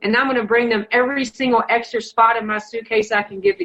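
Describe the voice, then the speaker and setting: A woman's voice: extremely high pitch, level tone, fast, creaky, hardly any pauses. A woman from Colorado, a hunting contest finalist, telling a story in a chatty, emotional way that's full of "like". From Colorado, United States. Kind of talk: casual interview storytelling. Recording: dull lo-fi sound.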